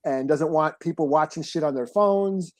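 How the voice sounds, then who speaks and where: Brief: male co-host, slightly high voice, halting, restarts often, swears casually. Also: a little mellow. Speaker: podcast co-host. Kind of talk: casual podcast chat.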